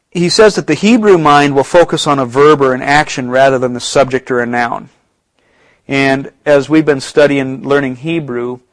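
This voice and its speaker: A man talks through a Bible study in a relaxed, explanatory way. He slows right down on the points he wants to land, and his voice sits at an ordinary middle pitch. The recording is close and dry. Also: no echo, rough recording. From United States. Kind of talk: casual Bible teaching talk.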